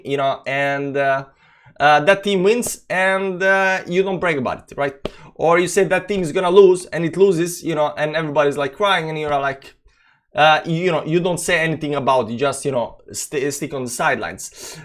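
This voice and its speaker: A man's voice: on the high side, normal speed. A young man with a speech pattern hosts a casual crypto livestream, reading chat comments aloud and rambling with many fillers and restarts.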